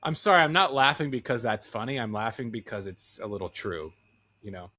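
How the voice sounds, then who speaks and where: A man hosting an interview, agreeing warmly with his guest and asking him open questions. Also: medium pitch, a little fast. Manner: affirming, asks questions with restarts. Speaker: podcast host, interviewer. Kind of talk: casual interview conversation.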